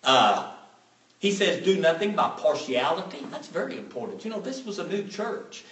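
A man preaching a sermon from a little way off the mic, so his voice carries the echo of a large room. His pitch swings widely as he stresses his points, and he hammers them home by repeating short commands. His voice sits a little higher than most men's. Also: big pitch swings, normal speed, fairly bright tone, recorded from a distance. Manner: emphatic, repeats phrases for stress.

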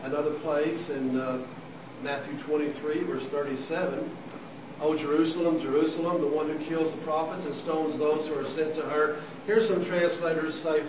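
A man's voice: fairly high pitch, steady tone, moderate pace, a little hiss or hum. A man preaching an earnest sermon, explaining scripture as he reads it. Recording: echoey room, distant mic, dull sound.

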